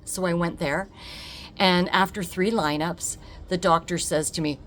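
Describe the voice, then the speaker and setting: A woman telling a personal story to camera, animated and emphatic, acting out the dialogue and repeating words for effect. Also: on the low side, a little slow, a little hiss or hum. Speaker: vlogger.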